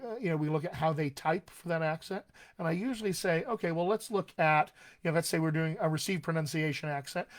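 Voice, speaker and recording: A man speaks in a slightly raised register as he hosts a casual live stream on acting technique. He talks in a friendly, encouraging way, often pausing on an "all right?" to check in with his viewers. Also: on the high side. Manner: chatty, encouraging, tags lines with "all right?". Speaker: dialect coach hosting a live Q&A.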